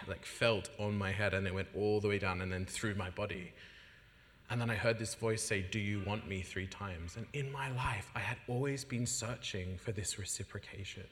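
Man preaching a testimony in a reverberant church hall. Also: on the low side. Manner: animated storytelling, acts out quoted voices, laughs often. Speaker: guest preacher. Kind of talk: testimony in a sermon.

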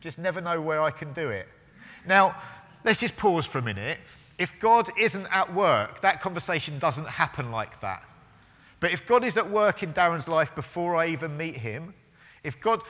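Long reverb from the church hall surrounds this forties-aged pastor as he delivers a sermon. His fairly high voice sounds pushed and bright while he tells a story, restarting hesitantly and voicing both parties in the dialogue.

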